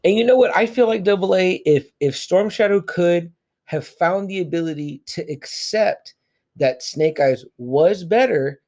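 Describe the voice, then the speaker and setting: A man in casual podcast chat, lively and profane. His voice sits a bit high and leaps around as he acts out lines from a story. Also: measured pace. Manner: animated, profane, acts out quotes with big pitch jumps. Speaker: podcast co-host.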